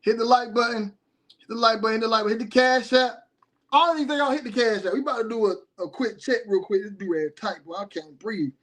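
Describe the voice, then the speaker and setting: A man's voice: very high-pitched, a bit bright. A man hosting a livestream, giving blunt, opinionated commentary and reacting to viewer chat, speeding up and then drawing his words out. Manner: blunt, opinionated, switches between rapid and drawn-out delivery. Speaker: livestream host.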